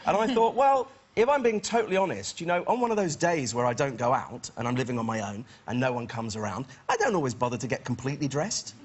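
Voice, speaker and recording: A man's voice: medium pitch, sing-song, fast talker, few pauses, slightly rough, muffled recording. A comedian telling a rambling, self-mocking anecdote as a chat show guest, laughing as he goes. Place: television studio with audience. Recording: loud studio audience and noise.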